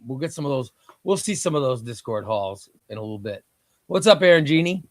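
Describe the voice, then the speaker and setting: With a mid-range, animated, brisk voice and no echo, a man hosts a casual comics livestream. He banters with viewers and calls out names dropping off a giveaway wheel, letting out an exclamation at each one.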